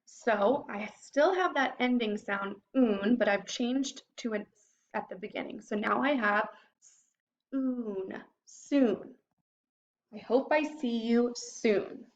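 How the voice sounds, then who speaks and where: A young woman teaching a phonics lesson to young children, sounding out word parts slowly and clearly. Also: on the high side, lo-fi sound, slight background noise. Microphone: computer microphone.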